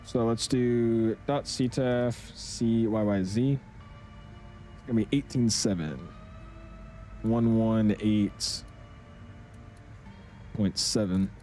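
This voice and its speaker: A young man streaming a flight simulator, chatting casually in an excitable, rambling way full of slang. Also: fairly low pitch, takes it slowly, pauses often, faint music behind. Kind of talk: casual livestream chat.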